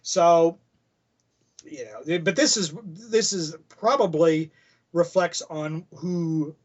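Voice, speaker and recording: A man's voice: on the high side, slow pace, muffled recording. A man hosting a podcast, recapping comic books in a rambling, casual way full of fillers. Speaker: podcast host.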